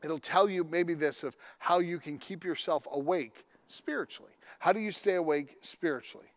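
A male pastor preaching a sermon in a conversational storytelling way, with sudden loud emphatic lines. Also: a little high, normal speed.

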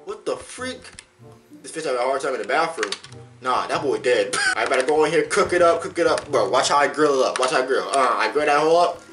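A man doing a let's play commentary, excitable and swearing a lot, yelping and shouting in surprise. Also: mid-range voice, quick pace, far from the mic, music in the background. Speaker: gamer.

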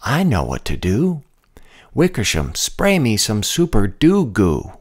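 Man doing an honest royal servant, earnest, worried, low voice, unhurried. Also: huge pitch swings, heavily acted.

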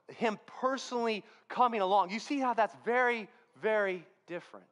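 A man's voice: high-pitched, brisk, few pauses, a bit bright. A man preaching a sermon in a church, conversational and self-deprecating, telling stories with humor. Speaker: pastor.

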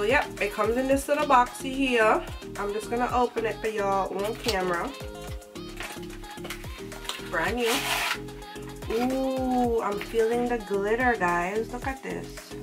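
A young woman talks through her makeup routine in a sassy, slangy, chatty way. Her voice sits at a middling pitch. Clear music plays behind her. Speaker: beauty vlogger. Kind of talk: casual makeup tutorial chat.

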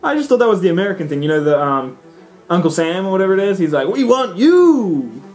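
A young man narrating a game, his voice sitting a bit high and swinging wildly between murmurs and squeals. He swears often and reacts loudly to everything on screen, with faint game music playing behind him. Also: animated, very fast. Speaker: gaming let's-play host. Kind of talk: excited let's-play commentary.

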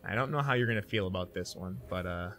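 Man, streamer, very bright tone, casual gameplay chat, laughs a lot. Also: low voice, quick pace, a little hiss or hum. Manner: chatty, laughs often, thinks aloud while counting. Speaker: streamer playing a card game.

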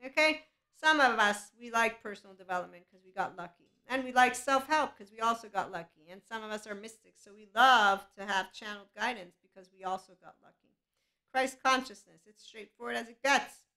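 Fairly high-pitched, brisk, and pushed, this woman's bright voice carries a casual solo podcast. She chats in a rambling way with her listeners and bursts out laughing along the way.

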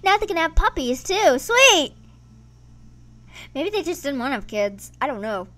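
Woman, let's-play host, excitable, playful grumbling, unhurried delivery, a touch high. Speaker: gaming channel host. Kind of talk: casual let's-play commentary.

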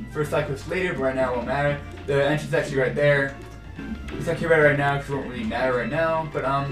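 Male let's-player, slightly high voice, rambling and self-correcting; roomy distant mic, game music behind. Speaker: let's play commentator. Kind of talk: casual gameplay commentary.

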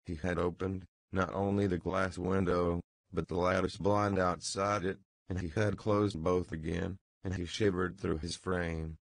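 A man reading an audiobook as narrator in a measured, deliberate way. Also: sits low, flat delivery, no room sound. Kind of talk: scripted narration.

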